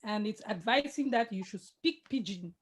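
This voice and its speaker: A woman co-moderating a town hall on a video call, relaying questions and giving quick, direct instructions. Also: medium pitch, animated. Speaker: meeting co-moderator.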